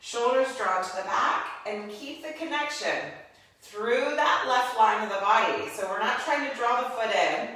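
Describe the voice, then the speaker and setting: Woman yoga teacher, slow calm cues, higher voice, really echoey room, mic a ways off. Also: recorded from a distance. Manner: calm step-by-step cueing with spiritual encouragement. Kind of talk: guided yoga class.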